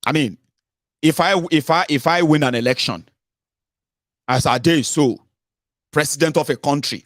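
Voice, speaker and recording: A middle-aged man with a Nigerian accent giving casual political commentary from home as a show host, animated and full of rhetorical questions, slipping into pidgin and leaping up in pitch. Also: moderate pace, long pauses, dry recording, clean studio sound. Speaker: radio and online show host.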